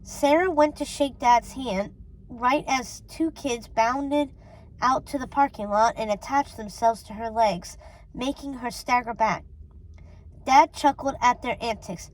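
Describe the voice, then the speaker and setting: A woman reads a children's chapter book aloud, narrating expressively. Her voice sits a little high. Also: a little slow, low-quality recording. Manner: expressive, storytelling. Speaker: storybook reader.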